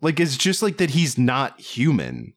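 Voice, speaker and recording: A man in casual podcast chat reviews a movie, his voice rising and falling in lively swings. He riffs with animated disbelief, piling up questions. His delivery stays conversational and quick to react. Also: mid-range voice. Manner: animated, incredulous riffing. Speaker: podcast co-host.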